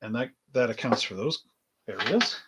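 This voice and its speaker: A man's voice: medium pitch, lively intonation, moderate pace, heavy background noise. Guy running a hobby livestream, rambly, reads the chat out, chuckles a lot. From Canada. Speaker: livestream host and hobby shop owner. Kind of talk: casual live-stream chat.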